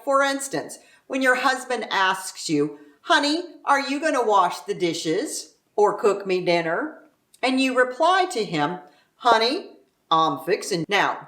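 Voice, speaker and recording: In a room with noticeable echo, a Southern California woman with a medium-pitched voice explains local slang playfully, stretching out words for emphasis. She's a real estate agent giving a casual explainer straight to camera.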